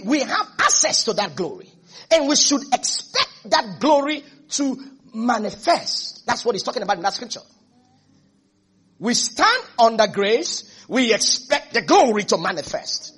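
Male pastor, high husky voice, fervent sermon delivery with repeated refrains. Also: fairly bright tone. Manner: preaching with rising fervor and repetition, calls to congregation.

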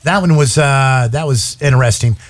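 A man's voice: medium pitch, normal speed. A man hosting a small-town radio show, chatting in a rambling, casual way full of fillers.

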